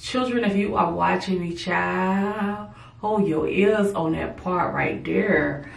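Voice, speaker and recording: A woman's voice: lowish voice, takes it slowly, gravelly, reverberant, recorded from a distance, noisy background. A tired woman chatting casually and playfully while she braids her own hair late at night. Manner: chatty, playful, sassy asides. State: tired, yawning. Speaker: beauty vlogger. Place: home at night.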